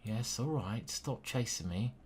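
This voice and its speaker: A man commentating on his own online chess game as he plays, muttering to himself, swearing and getting excited. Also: medium pitch, a little slow, a little hiss or hum. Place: small stuffy room.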